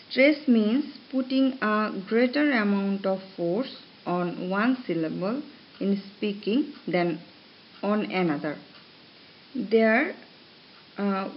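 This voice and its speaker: A woman lecturer reading her notes aloud to students in a slow, measured way, pausing between phrases. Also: medium pitch. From Bangladesh. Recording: dull lo-fi recording with faint hiss.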